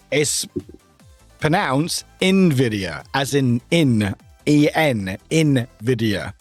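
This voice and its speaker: A British man streaming live, talking in a rambling, chatty way and laughing at his own slip-ups. His voice sits a little high and swings up and down a lot, with a dry, close sound and faint music underneath. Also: no echo. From United Kingdom. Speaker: livestreamer. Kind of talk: casual livestream chat with viewers.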